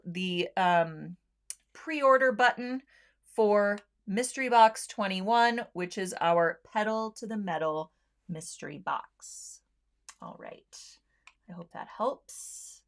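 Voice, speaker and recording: A woman's voice: mid-range voice, a bit bright. A woman hosting a sewing livestream, chatting casually with viewers, friendly, with lots of ums and easy laughs.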